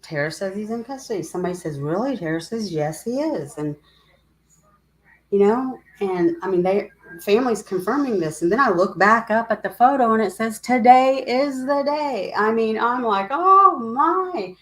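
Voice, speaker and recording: A woman's voice: mid-range voice, lively intonation, normal speed, poor audio. A middle-aged woman hosting a casual livestream chat, talking in a rambling, emotional way and greeting viewers by name. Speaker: livestream host.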